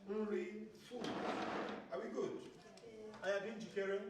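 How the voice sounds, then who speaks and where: A man's voice: high-pitched, fairly even intonation, a little slow, very noisy. A man teaching a class, repeating vocabulary and quizzing pupils so they echo it back. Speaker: language teacher. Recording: echoey classroom from far off.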